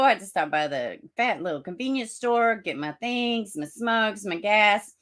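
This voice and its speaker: Woman livestream host, middle-aged, animated and profane, lively pitch, laughs at her own mishaps. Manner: animated, swearing, laughing at herself. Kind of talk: casual livestream chat.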